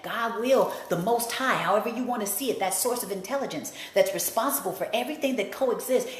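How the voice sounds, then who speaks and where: A woman hosting an inspirational talk, speaking emphatically and repeating key phrases for emphasis. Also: medium pitch. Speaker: host and life coach. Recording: roomy echo.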